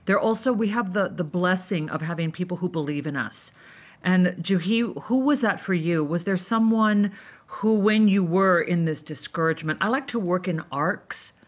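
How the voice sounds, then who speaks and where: A woman moderating a panel discussion, affirming the speakers and asking questions in a measured way. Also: fairly low pitch.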